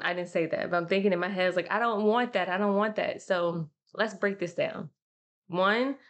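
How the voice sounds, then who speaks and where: Chatty woman podcast host, lowish voice. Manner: slangy, chatty, addresses listeners as y'all. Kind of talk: casual solo podcast monologue.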